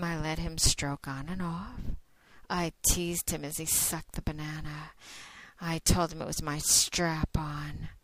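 A woman hosting an adult podcast in a slow, teasing, drawn-out monologue with sighs. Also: sits low, fairly bright tone, dry recording, low-quality recording. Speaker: podcast host.

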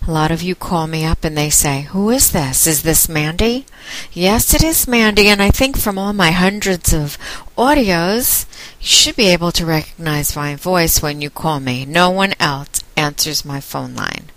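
A woman hosting her own recorded monologue, speaking in a teasing, commanding, unhurried way. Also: low-pitched, animated, a bit bright, no room sound, poor audio. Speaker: phone domination host.

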